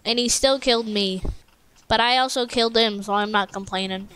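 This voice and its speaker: A woman hosting casual gameplay commentary at a home computer mic, excitable, shrieking and joking while she plays. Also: a little high, brisk, slight background noise. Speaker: gaming channel host.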